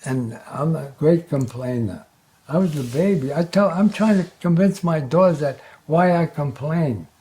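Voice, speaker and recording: A man's voice: a little high, expressive, normal speed, dark tone. A man in his nineties telling jokes and stories as an interview guest, chuckling at his own punchlines. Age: 90s. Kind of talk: joke-telling storytelling. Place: local TV studio.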